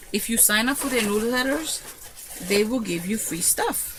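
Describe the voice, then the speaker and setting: A woman crafting vlogger telling a story in a casual, excitable way, recorded in her room at home. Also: a little high, a little hiss or hum, rough recording. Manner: chatty, excitable, retells with quoted asides.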